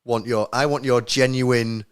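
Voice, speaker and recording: A man's voice: medium pitch, steady tone, measured pace, clean tone. Guy hosting a live stream podcast, jokey, laughs a lot, chats to viewers. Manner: joking, laughs often, talks to chat. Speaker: podcast host. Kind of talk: casual live-stream chat.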